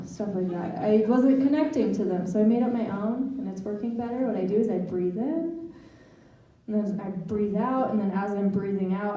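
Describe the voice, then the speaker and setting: A woman's voice: medium pitch, mellow. A woman doing a stand-up set, with awkward, self-deprecating humor and nervous laughs. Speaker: guest stand-up comic. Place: library event room with live audience. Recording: echoey room miked from far off, faint noise.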